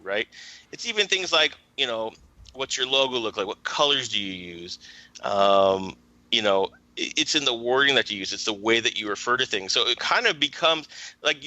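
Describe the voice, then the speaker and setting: A man's voice: medium pitch, bright, forceful tone, rough recording. A man, a marketing teacher, speaking as a guest on a podcast and explaining his ideas in a casual, thoughtful way, often checking in with "right?".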